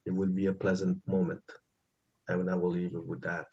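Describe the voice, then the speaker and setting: Low-voiced man giving a medium's reading. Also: completely flat delivery, normal speed, slightly rough, lo-fi sound. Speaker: guest medium. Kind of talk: mediumship reading at a church service.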